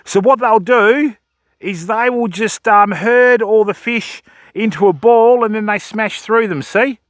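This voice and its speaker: Aussie bloke livestreaming by a river, high voice, dry close sound, all hyped up talking to chat. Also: male voice, unhurried, dry recording. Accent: Australian. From Australia. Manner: excitable, calls viewers fam and mate. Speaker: fishing livestreamer. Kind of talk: live commentary to stream chat. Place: outdoors by a river.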